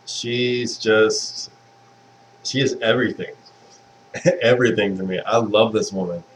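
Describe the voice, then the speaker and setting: A man's voice: fairly low pitch, fairly even intonation, unhurried, slight background noise, rough recording. A young man chatting casually to viewers on a livestream, gushing and sentimental and laughing often. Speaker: livestream host. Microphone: webcam stream mic.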